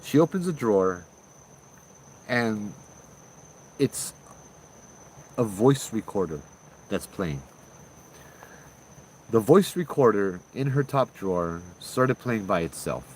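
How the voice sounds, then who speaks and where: A man, hosting and telling a ghost story in a loose, conversational way, with fillers and sudden loud bursts. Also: on the low side, very animated, takes it slowly, pauses often, a little hiss or hum, low-quality recording. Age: 30s. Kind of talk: casual spoken ghost story.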